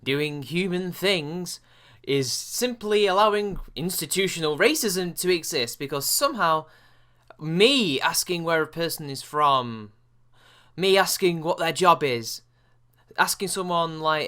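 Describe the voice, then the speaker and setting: A man's voice: sits high, lively intonation, normal speed, bright, forceful tone. A man from England with a British accent, hosting a sarcastic reaction commentary, mocking and swearing in exasperation. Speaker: commentary video host.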